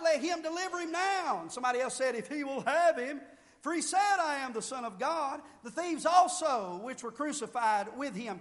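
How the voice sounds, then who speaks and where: Casting: male preacher, very high voice, fervent delivery that rises to shouts, sermon in a reverberant hall. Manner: fervent preaching, swelling to loud shouted peaks then dropping low. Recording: long reverb of a large hall.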